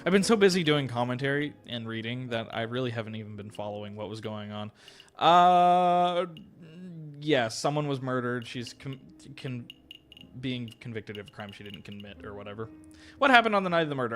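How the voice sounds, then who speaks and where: A man's voice: medium pitch, animated, quick pace. A man casually commenting while playing a video game, joking and swearing freely. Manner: joking, swears, laughs often. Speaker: game streamer. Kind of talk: casual let's-play commentary.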